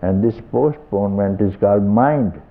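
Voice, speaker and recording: An older man with an Indian English accent giving a slow, repetitive satsang talk as a spiritual teacher, often chuckling softly. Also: on the low side. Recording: tinny lo-fi archival tape.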